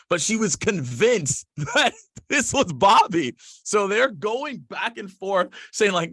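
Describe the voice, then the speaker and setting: A man's voice: high-pitched, animated, normal speed, fairly bright tone, no room sound, studio quality. A male guest and company founder, telling a story energetically, laughing often and acting out voices. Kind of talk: animated storytelling.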